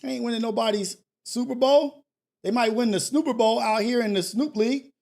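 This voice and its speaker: A man's voice: extremely high pitch, a little fast, gravelly, darkish tone. A man hosting a call-in talk show, ranting bluntly and emphatically, with slang and profanity and lots of repetition. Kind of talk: casual motivational talk show rant.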